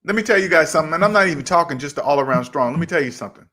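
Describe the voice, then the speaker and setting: A young man hosting a casual livestream about money, animated and acting out both sides of imagined conversations as he answers chat. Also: fairly high pitch, racing. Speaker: finance channel host.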